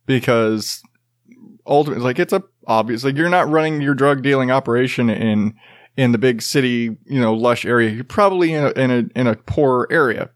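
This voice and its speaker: A man's voice: medium pitch, brisk, no echo, clean studio sound. A man hosting a casual news commentary show, rambling and profane, with jokey asides.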